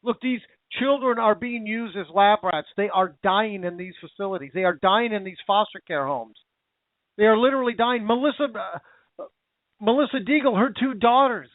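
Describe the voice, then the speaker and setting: High-pitched guy ranting on his radio show, angry and emotional, tinny phone-like sound. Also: normal speed, dry recording. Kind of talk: impassioned talk radio monologue.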